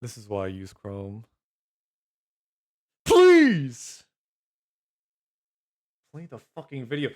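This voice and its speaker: A man's voice: lowish voice, fairly quick, hardly any pauses, a little mellow. A man chatting casually on a livestream. He rambles, swears and laughs often. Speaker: streamer.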